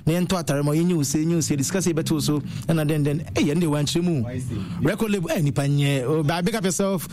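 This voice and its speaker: A man's voice: fairly high pitch, quick pace, darkish tone. A man hosting a casual entertainment news show, mixing English and Twi and laughing along. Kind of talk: casual showbiz news chat.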